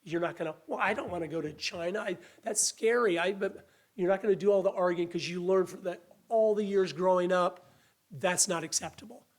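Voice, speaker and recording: Earnest high-voiced preacher, weak voice. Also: male voice. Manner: earnest, conversational preaching with restarts and acted quotes. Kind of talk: sermon.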